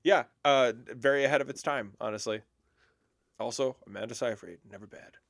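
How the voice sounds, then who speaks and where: A man co-hosting a podcast, chatting casually about movies in an animated way and laughing often. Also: medium pitch, gravelly, no echo, clean studio sound. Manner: animated, laughs often, slips into quick impressions. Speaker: podcast co-host. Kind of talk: casual movie commentary chat.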